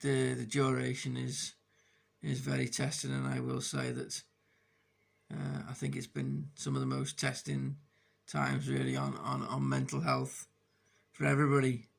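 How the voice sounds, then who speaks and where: Man, very gravelly creaky voice, hesitant, frequent restarts, frank video diary. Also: medium pitch, measured pace. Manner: hesitant, many restarts and fillers; frank, open about struggling. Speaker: vlogger.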